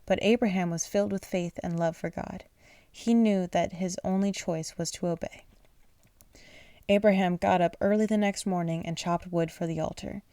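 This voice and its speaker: A woman's voice: on the low side, steady tone, normal speed, warm tone, dry recording. Sleepy woman reading bedtime bible stories. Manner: sleepy, yawning, often apologizing and stumbling over words. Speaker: reader.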